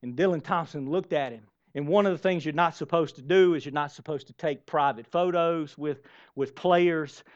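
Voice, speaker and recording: A pastor with a fairly high-pitched voice preaches a sermon at normal speed, emphatic and story-driven, repeating phrases for effect. The recording is dull and lo-fi.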